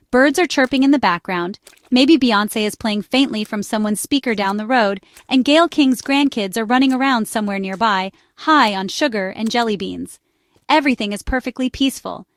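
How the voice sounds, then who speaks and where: Woman narrator, scripted, playful, higher pitch, dry sound. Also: brisk, no room sound. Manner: playful, dramatic build-ups.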